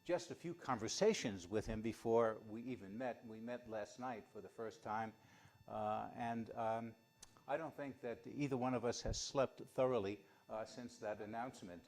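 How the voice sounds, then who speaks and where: A man, a bishop, giving hesitant welcoming remarks at a press conference, with frequent restarts and pauses. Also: lowish voice, darkish tone.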